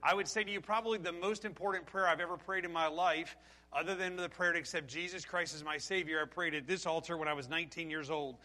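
Brief: male pastor, fairly high and bright voice, chatty sermon to the congregation. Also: steady tone, quick pace. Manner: conversational, addresses the congregation directly.

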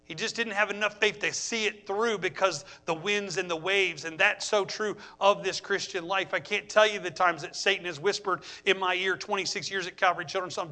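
A man in his forties preaching a sermon, animated, with humorous asides and rhetorical questions. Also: high voice, fairly quick, hardly any pauses.

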